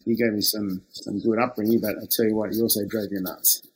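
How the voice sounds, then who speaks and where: This older Australian man, once a lifeguard, tells casual stories in a fairly low, flat voice, talking fast over a bit of hiss or hum. He's laid-back, chuckles often, and acts out the quoted exchanges.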